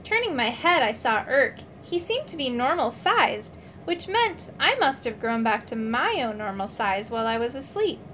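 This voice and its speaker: A woman reads a children's story aloud in a high, bright voice, and her pitch rises and falls a great deal from line to line. Her narration is expressive, and she gives the quoted lines voices of their own. There is a faint hiss of noise under the recording. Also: normal speed, hardly any pauses. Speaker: audiobook reader.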